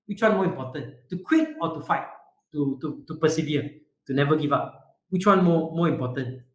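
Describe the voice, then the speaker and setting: A man giving an online leadership talk to young people, animated and quizzing his audience. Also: on the high side, normal speed, roomy sound, a little hiss or hum, rough recording. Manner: animated, asks the group questions, repetitive fillers. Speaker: youth leadership speaker. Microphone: video call.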